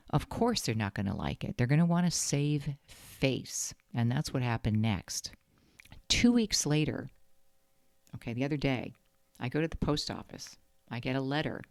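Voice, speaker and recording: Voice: mid-range voice, creaky, darkish tone, no echo. Host, casual storytelling to camera, emphatic, aggrieved, dry sound. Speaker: channel host.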